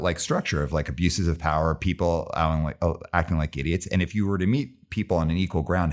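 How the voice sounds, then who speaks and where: A man hosting a podcast interview, talking loosely and casually with many fillers. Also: deep voice. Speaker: podcast host. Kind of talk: conversational interview.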